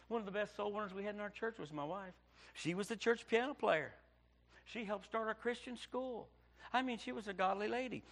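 A middle-aged male pastor, telling his story in a sermon, dropping to hushed tones and then bursting out loud. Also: high voice, fairly quick. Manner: preaching with sudden loud outbursts and hushed storytelling. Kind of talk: sermon testimony.

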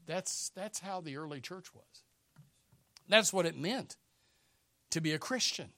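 A male pastor preaching a sermon, emphatic and repetitive, swinging between loud urgent declarations and quieter conversational asides. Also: fairly high pitch, lively intonation, measured pace, pauses often, no room sound, studio quality. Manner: many fillers and restarts, conversational preaching.

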